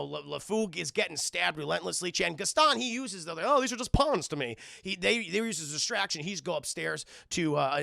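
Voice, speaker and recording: A man streaming a casual, profane film recap, animated and talking to his chat throughout. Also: on the high side, creaky, no echo, clean studio sound.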